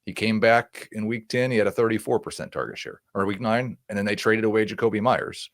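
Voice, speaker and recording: A man with a somewhat low voice lays out numbers in a steady, measured way. The recording is dry and close. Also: dry recording. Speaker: fantasy football analyst. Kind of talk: casual podcast discussion.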